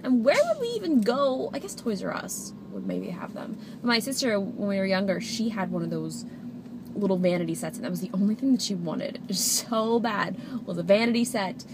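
A woman's voice: medium pitch, expressive, moderate pace. A young woman in her twenties, a vlogger chatting casually and rambling with giggles while she drives. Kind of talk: casual vlog chat while driving. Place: inside a car. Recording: road and engine noise.

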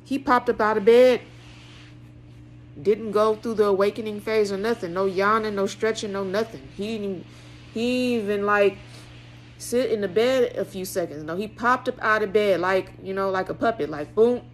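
A woman in an emphatic, preaching monologue. She repeats phrases for weight and swings between a hushed tone and a loud one. A faint hiss sits under her voice. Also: mid-range voice, moderate pace. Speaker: vlogger.

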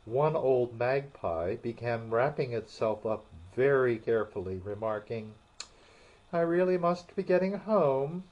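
A man narrating a classic novel as an audiobook, in a calm, measured storytelling manner. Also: lowish voice, husky. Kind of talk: scripted narration. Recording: muffled, dull audio.

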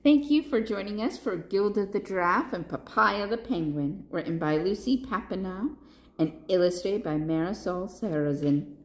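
A woman reading a picture book aloud for a library storytime, expressive and asking the listeners questions. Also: medium pitch, moderate pace. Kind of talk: children's read-aloud.

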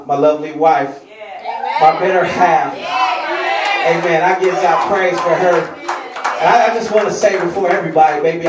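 A man preaching as a guest pastor, speaking warmly to a church congregation, giving thanks and telling his story. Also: on the high side. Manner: sings hymn lines, leads call and response. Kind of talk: sermon with sung hymn. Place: church sanctuary. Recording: roomy church sound from far off with crowd.

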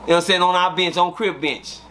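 A man from Midland, telling casual stories as an interview guest, animated and full of fillers. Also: high voice, fast. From Midland, Texas. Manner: animated, repetitive fillers, acts out quotes. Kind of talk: casual storytelling.

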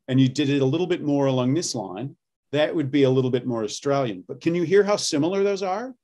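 A man's voice: mid-range voice, fast talker, mellow. A middle-aged man, an accent coach, explaining and demonstrating accents in a casual interview.

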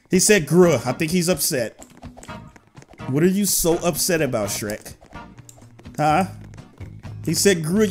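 An excitable young man talks through a game with playful, jokey commentary, breaking into shouts and sung bits. His pace is unhurried and drawn out. Upbeat game music plays clearly underneath him. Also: fairly high pitch. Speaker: gaming YouTuber.

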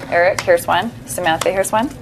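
A woman teaching a small group of children to read, praising and gently correcting them. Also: fairly low pitch, fairly quick. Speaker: reading teacher. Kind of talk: small-group reading lesson. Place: classroom. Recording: noisy classroom recording. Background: children talking nearby.

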